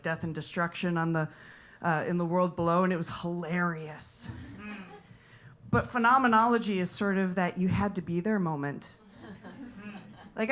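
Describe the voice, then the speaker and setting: A young American woman performing a rambling, playful stand-up set. She talks straight to the audience and drops into whispered asides. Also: lowish voice. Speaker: comedian and improviser. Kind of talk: stand-up set at a live comedy night.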